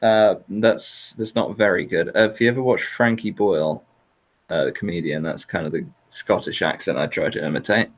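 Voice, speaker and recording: A man's voice: low voice, moderate pace. A man hosting a casual chat, rambling with hesitant fillers and laughing often. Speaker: podcast host.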